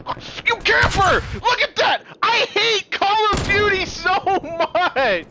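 A man streaming a shooter game, swearing, laughing and shouting taunts at other players over a headset. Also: very high-pitched, expressive, slow pace, hardly any pauses. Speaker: gaming streamer. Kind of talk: excited gameplay trash talk. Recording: noisy game audio in background.

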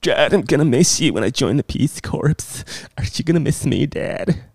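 A man's voice: medium pitch, lively intonation, normal speed, creaky, a little mellow, slightly rough, no echo, clean studio sound. A man voicing an earnest young man with a slightly whiny delivery. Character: earnest young man saying goodbye to his father.

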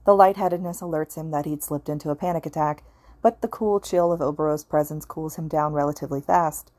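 A woman narrating a fan fiction story aloud in a steady, even tone. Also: sits low, brisk. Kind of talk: audiobook-style story narration.

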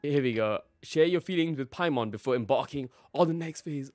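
A man's voice: medium pitch, animated, brisk, hardly any pauses, darkish tone. A young man live-streaming a game, casually greeting his chat by name and laughing often.

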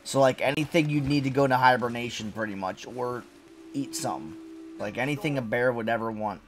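A man's voice: medium pitch, brisk. A man rambling and joking in casual commentary while playing a video game. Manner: rambling, joking, deadpan riffs. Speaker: gaming streamer.

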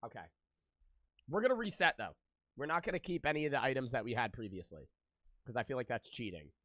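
A man's voice: medium pitch, sing-song, quick pace, a bit bright, no room sound. A young man streaming, chatting loosely with his viewers, joking and swearing freely. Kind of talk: casual live-stream chat with viewers.

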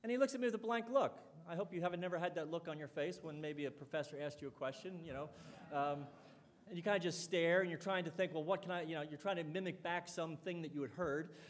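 A man's voice: fairly high pitch, fast talker. A middle-aged man giving a conversational talk to an audience, telling stories and acting out the dialogue in them. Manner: conversational, storytelling, acts out quoted dialogue. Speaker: college president giving a talk. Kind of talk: public speech with anecdotes. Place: lecture hall or dining hall. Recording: long hall reverb.

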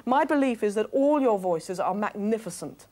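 A woman's voice: mid-range voice, expressive, normal speed, a little mellow. A woman voice coach leading a workshop on a TV studio stage, coaxing the audience through exercises.

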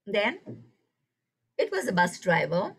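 A woman's voice: medium pitch, slow pace, gravelly, breathy edge, poor audio. A woman leading an online teacher workshop, telling a story and asking the audience questions over a video call. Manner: engaging, animated, asks the audience questions. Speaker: teacher trainer.

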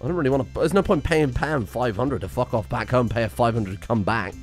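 Over faint background music, a young man streams a farming game, speaking fast in a mid-range voice. He swears, snarks, and bursts out animatedly in casual let's-play style.

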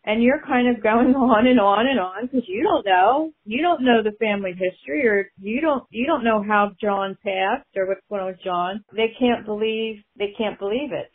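A woman's voice: fairly high pitch, moderate pace, few pauses. A woman guest telling stories in a casual chat and laughing often as she talks. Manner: chatty, laughs through her stories. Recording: tinny phone line.

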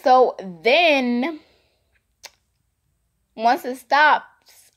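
High-voiced woman telling a rambling storytime. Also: extremely slow. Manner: rambling, repeats phrases for emphasis; animated, speaks to viewers directly. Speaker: vlogger. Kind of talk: casual storytime vlog.

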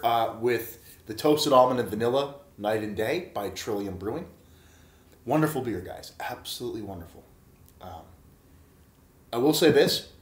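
In a reverberant space, a man with a mid-range voice reviews beer in a casual vlog. He's enthusiastic and chatty, repeating himself and talking straight to viewers, calling them "guys."

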